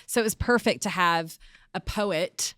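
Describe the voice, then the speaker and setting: A woman guest from North Carolina chatting casually in a podcast interview, laughing often and filling pauses with "um". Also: lowish voice, a bit bright, dry recording, studio quality. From North Carolina, USA. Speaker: podcast guest, arts executive director.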